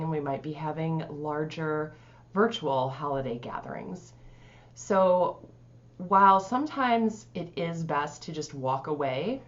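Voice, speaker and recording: A woman life coach giving calm, conversational advice, with frequent "you know" fillers. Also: low-pitched, lo-fi sound. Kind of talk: casual advice talk to camera.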